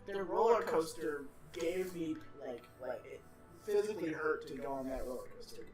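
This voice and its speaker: A woman's voice: low voice, animated, normal speed, far from the mic, loud music behind the voice. Rambling woman in an echoey room. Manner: rambling, filler-heavy storytelling. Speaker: co-commentator. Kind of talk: casual let's-play chat.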